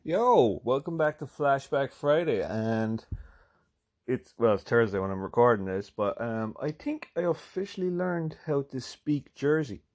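Telling a profane comic story on his podcast, an Irish host from Ireland speaks chattily at a measured pace, peppering it with "right?" asides and sudden bursts of emphasis. His medium-pitched male voice is animated and a little mellow.

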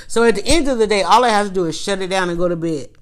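A woman hosting a podcast, speaking straight to her listeners in an animated, rambling monologue full of restarts and side stories. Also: medium pitch, rapid-fire. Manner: speaks directly to listeners, coaching them. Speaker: podcast host.

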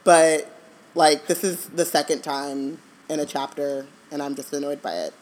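A woman's voice: sits low, a little slow, darkish tone. A woman co-hosting a book discussion podcast, chatting casually, laughing often and trailing off mid-thought. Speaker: podcast co-host. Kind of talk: casual chat.

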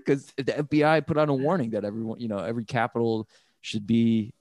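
A man's voice: mid-range voice, fast, no room sound, clean studio sound. An American man co-hosting a casual podcast chat, rambling and swearing as he talks. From United States. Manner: profane, rambling, animated. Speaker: podcast co-host.

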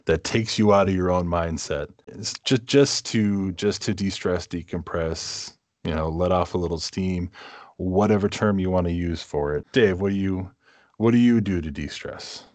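A man's voice: low voice, normal speed, a little mellow, no echo. A man from New England co-hosting a podcast, talking casually and thinking aloud with plenty of fillers. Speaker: podcast co-host. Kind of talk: casual chat.

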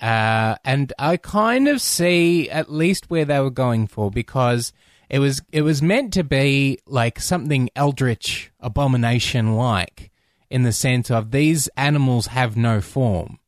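A man's voice: medium pitch, a little slow, dry recording. Man, podcast co-host, casual film chat, rambling, restarts, dry close mic. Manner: rambling, animated, restarts often.

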